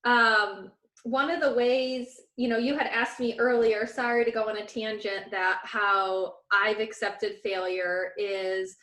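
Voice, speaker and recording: Unhurried and mid-range in pitch, a woman recounts a story in a casual podcast chat she co-hosts, performing the quotes with lively energy. An echoey room surrounds her voice.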